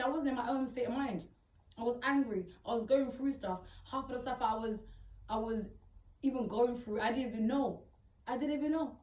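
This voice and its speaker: A woman's voice: high voice, darkish tone. A young woman, telling a personal story in a casual, emphatic way, swearing freely and repeating herself for effect. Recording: echoey room, distant mic.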